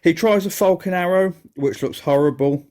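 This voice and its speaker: A man's voice: high voice, moderate pace, a little mellow. A man hosting a solo podcast, reviewing an old wrestling event with sarcastic humor and frequent laughter. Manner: sarcastic, laughs at what he describes. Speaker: podcast host.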